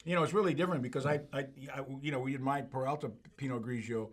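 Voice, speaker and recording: A man co-hosting a wine show as its writer, praising wines effusively in halting, restarting sentences. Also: medium pitch. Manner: effusive, halting with repeated starts. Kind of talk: casual tasting chat.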